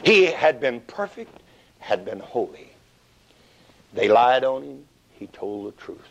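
A man preaching a sermon, dramatic, swinging from hushed whispers to shouted peaks. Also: mid-range voice, very animated, slow pace, gravelly. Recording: dull lo-fi recording.

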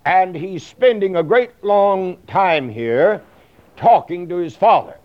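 A man's voice: high-pitched, animated, takes it slowly. A man preaching a sermon in a folksy, rambling way, full of fillers and plain talk. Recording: dull lo-fi recording.

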